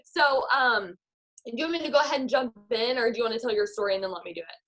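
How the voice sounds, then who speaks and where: A woman's voice: a little high, fast, fairly bright tone. A woman, a network marketing leader giving an upbeat motivational talk over a video call. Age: 20s. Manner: upbeat, guides a visualization.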